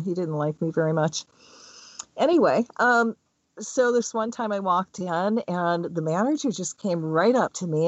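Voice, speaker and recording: Animated woman telling spiritual stories. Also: fairly low pitch, no echo, dull audio. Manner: animated storytelling, laughs mid-sentence. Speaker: spiritual speaker. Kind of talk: casual spiritual talk with personal stories.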